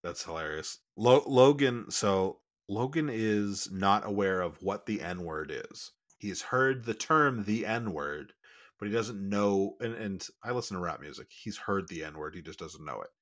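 A man with a notably deep, low voice chats casually on a podcast. He tells stories loosely, doubling back and restarting his sentences, with plenty of ums and likes along the way. He sounds middle-aged and relaxed in conversation. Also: measured pace. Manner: rambling storytelling with many fillers and restarts. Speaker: podcast co-host.

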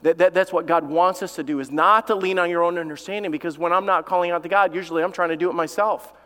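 A male pastor preaching with fervent, repetitive emphasis, his voice sitting a touch higher than most men's. He weaves family stories into the sermon. The sound carries a long reverb from a large church hall. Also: steady tone, quick pace, sharp tone. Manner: tells family stories from the pulpit. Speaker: lead pastor.

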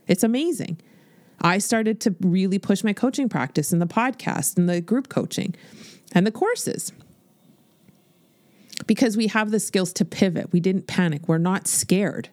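A woman in her forties hosting a podcast as a business coach, talking in a blunt, animated, swear-filled motivational style. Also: mid-range voice, a little slow, no echo. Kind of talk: casual motivational podcast monologue.

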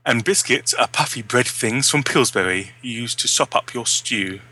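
A man's voice: medium pitch, moderate pace, noisy background. A man co-hosting a casual gaming podcast, reading emails and trading playful, teasing banter. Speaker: podcast co-host. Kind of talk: casual chat.

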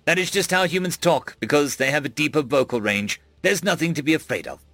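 A man's voice: on the high side, expressive, brisk, fairly bright tone, no echo, faint music behind. A man voicing an earnest alien predator officer who speaks in an urgent, insistent way.

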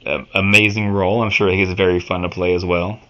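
A man hosting an interview, eager and laughing often, with halting phrasing. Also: low-pitched, level tone, sharp tone, a little hiss or hum. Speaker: interview host. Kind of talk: fan interview. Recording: muffled lo-fi audio.

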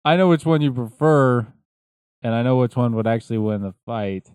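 Swearing, laughing podcast host. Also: male voice, mid-range voice, moderate pace, a little mellow, smooth, no room sound. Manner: profane, laughing, loose storytelling. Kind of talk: casual banter.

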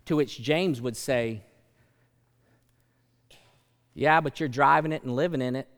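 A man preaching a sermon as pastor, building to loud emphatic peaks and acting out quoted voices. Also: medium pitch, a little fast. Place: large church sanctuary. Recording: long church hall reverb.

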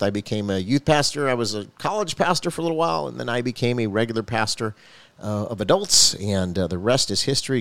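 Male pastor, quick earnest testimony, dry close sound. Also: mid-range voice, dry recording. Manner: earnest storytelling with rising emphasis. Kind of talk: personal faith testimony.

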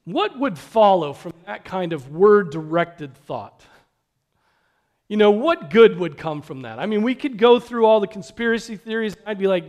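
A man preaching a sermon, earnest, posing rhetorical questions and dropping to a hush for emphasis. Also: high-pitched, lively intonation, normal speed.

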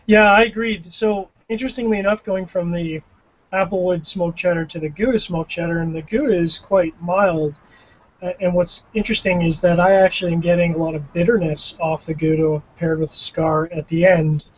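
A man's voice: high voice, steady tone, brisk, a little hiss or hum. A man with a Canadian accent co-hosting a casual tasting chat, musing and self-deprecating. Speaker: co-host of a cigar pairing show. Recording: dull lo-fi audio.

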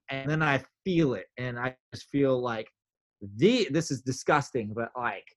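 A man telling a story in casual chat, animated, acting out his own quotes with big jumps in pitch. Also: unhurried.

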